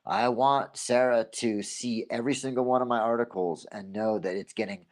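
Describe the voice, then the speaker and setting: A man's voice: medium pitch, fairly even intonation, normal speed. A man hosting his own livestream show, telling a story in a casual, rambling monologue and repeating himself as he goes. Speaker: host of a local livestream show.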